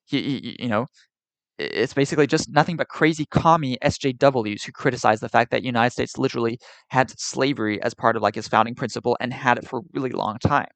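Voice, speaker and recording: Exasperated male streamer ranting at chat, mid-pitched, dry close sound. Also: quick pace, vocal fry, a bit bright, no echo. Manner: exasperated, argumentative, repetitive. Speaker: livestreamer.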